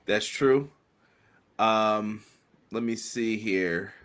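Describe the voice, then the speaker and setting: Bright-voiced chatty podcast man. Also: fairly low pitch, very slow. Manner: chatty, reads out listener comments. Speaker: podcast co-host. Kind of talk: casual wrestling podcast chat.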